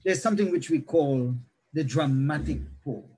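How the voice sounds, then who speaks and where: A man, himself a pastor, lecturing other pastors on how to preach, with animated teaching that shifts pace and loudness. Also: a little high, moderate pace, husky, low-quality recording.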